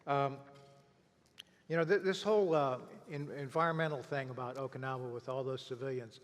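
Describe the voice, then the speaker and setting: A man's voice: medium pitch, steady tone, brisk. Brief: older male interviewer, mid-range voice, hesitant with lots of fillers, hall echo. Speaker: interviewer and veteran. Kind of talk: panel conversation. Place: conference stage.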